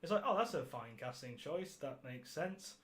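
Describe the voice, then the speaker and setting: A man's voice: fairly high pitch, animated, moderate pace, a bit bright. A man hosting a podcast, reviewing a film in casual chat, sarcastic and ranting, swearing freely and laughing at his own jokes. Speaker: podcast host.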